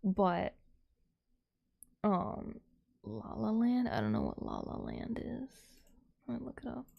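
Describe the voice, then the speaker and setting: A woman's voice: mid-range voice, huge pitch swings, slow pace, vocal fry, highs cut off. A woman livestreaming, chatting casually with her viewers in a rambling, giggly way, laughing often.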